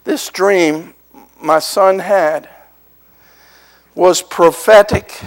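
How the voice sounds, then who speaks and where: A man's voice: high voice, fairly even intonation, drawn-out words, poor audio. A middle-aged male pastor preaching a sermon, telling a story in a conversational way that builds to impassioned preaching in a church.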